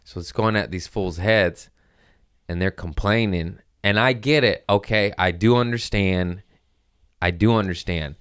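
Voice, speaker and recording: Male podcast host, 30s, deep resonant voice, loose and profane. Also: measured pace, fairly bright tone, clean tone, no room sound, clean studio sound. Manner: profane, rambling storytelling. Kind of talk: casual podcast chat.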